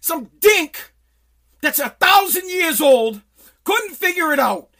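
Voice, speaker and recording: A man hosting a podcast from his home basement, delivering an angry, profane political rant that bursts into shouting. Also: extremely high pitch, animated, takes it slowly. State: sweating. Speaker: podcast host.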